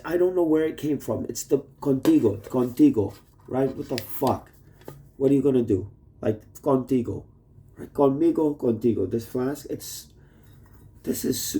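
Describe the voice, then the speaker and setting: Rambling, profane man with a dark voice. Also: medium pitch, a little hiss or hum. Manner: rambling, profane, jumps between topics. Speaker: vlogger. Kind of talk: rambling video message to his wife. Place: indoors, shared home with sleeping roommates.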